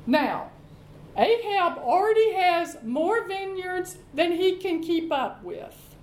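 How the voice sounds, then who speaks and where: A woman preacher tells a story in a sermon, acting out its quotes. Her high voice rises and falls a great deal at an unhurried pace. The sound carries a roomy echo with faint ambience behind it. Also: animated, darkish tone.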